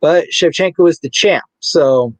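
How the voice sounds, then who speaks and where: Co-hosting a sports podcast, a man chats casually and playfully, now and then fumbling names. His voice leans high and moves a little slowly, recorded roughly with no echo.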